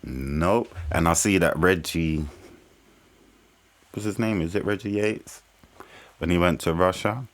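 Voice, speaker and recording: Male reaction host, deep, slow and offhand. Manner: musing, offhand remarks. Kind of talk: casual reaction commentary.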